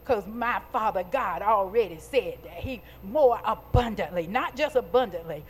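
A woman preaching a sermon to a congregation, talking in call-and-response and building to loud, stretched-out emphatic peaks. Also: mid-range voice, big pitch swings, normal speed, slightly rough.

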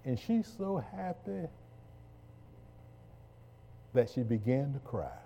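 A man's voice: medium pitch, sing-song, takes it slowly, vocal fry, mellow, slight background noise. A man preaching a sermon, leading the congregation in call-and-response.

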